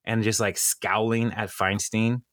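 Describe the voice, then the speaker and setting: Low-voiced man recapping casually. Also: little pitch movement, unhurried, a bit bright, no room sound, clean studio sound. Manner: rambling, many ums and uhs, laughs often. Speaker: podcast co-host recapping a TV episode. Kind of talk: casual chat.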